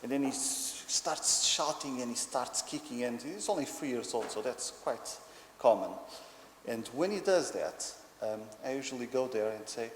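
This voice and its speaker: Brief: male conference lecturer, Portuguese accent, halting explanatory delivery, mid-range voice, roomy echo. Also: medium pitch, animated. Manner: explanatory, hesitant with many ums. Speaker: conference speaker. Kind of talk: academic lecture. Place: conference hall. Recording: echoey hall with faint noise.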